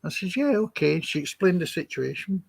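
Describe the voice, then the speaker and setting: Man, husky, fairly high voice, chatty anecdotal storyteller, acts out quotes, dry close sound. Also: big pitch swings, normal speed, no room sound. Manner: chatty, acts out quoted dialogue, chuckles between stories. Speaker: psychic healer guest.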